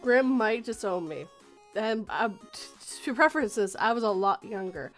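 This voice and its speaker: A woman's voice: mid-range voice, expressive, moderate pace, fairly bright tone, faint music behind. A woman hosting a casual chat stream, telling stories in a chatty, giggly way. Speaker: stream host.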